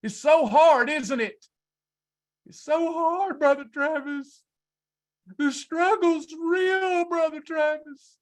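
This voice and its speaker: A man voicing a whiny, self-pitying dieter who complains in a high, drawn-out voice. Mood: whining.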